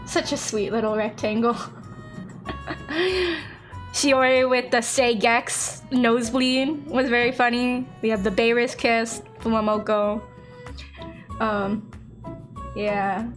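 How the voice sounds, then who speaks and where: A young woman streaming and chatting casually as a VTuber, excitable, laughing often and acting out quoted conversations. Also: on the high side, slow, pauses often, over music.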